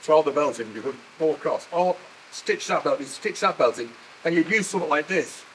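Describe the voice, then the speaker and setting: Older man, ex-miner museum guide, animated storyteller, slightly raised pitch, faint hiss. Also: brisk, low-quality recording. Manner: animated storyteller, laughs at himself. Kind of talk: guided tour talk. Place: indoor mining museum.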